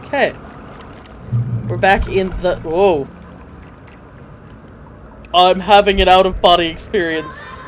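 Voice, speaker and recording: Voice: medium pitch, steady tone, takes it slowly, long pauses, slight background noise. A gameplay streamer giving casual, joking commentary while playing. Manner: chatty, joking asides. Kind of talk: casual let's-play commentary.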